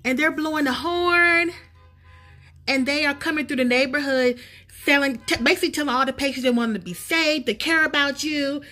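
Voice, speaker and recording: Woman vlogging outside, high sharp voice, all choked up and gushing. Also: fairly quick, faint music behind. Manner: gushing, emotional, close to tears. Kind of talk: casual vlog. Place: outdoors in a neighborhood street.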